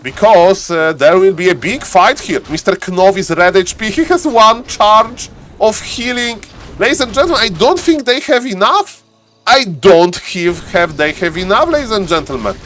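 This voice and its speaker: A man giving live game commentary as the caster, excitable and laughing often, repeating set phrases. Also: sits high, moderate pace, few pauses, slight background noise. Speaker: esports caster.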